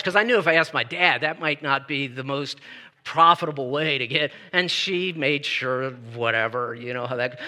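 Bright-voiced male pastor preaching casually. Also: mid-range voice, moderate pace. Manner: conversational, with frequent restarts and asides. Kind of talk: Christmas Eve sermon.

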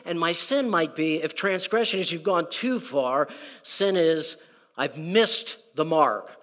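A man's voice: on the high side, animated, slow pace, fairly bright tone. Man, pastor, conversational sermon, acts out prayers, church sanctuary, reverberant hall. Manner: conversational, repeats words, acts out quoted prayers.

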